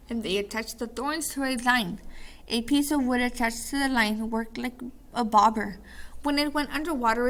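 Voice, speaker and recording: A woman teacher running a call-and-response word drill, then reading a story aloud with small slips and restarts. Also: a little high.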